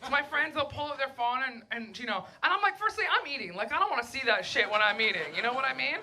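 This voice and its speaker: Talking fast in a high-sitting voice, a young woman does a brash, crude stand-up routine at a comedy club. She stays deadpan, puts on mocking voices, and gets laughter from the audience behind her.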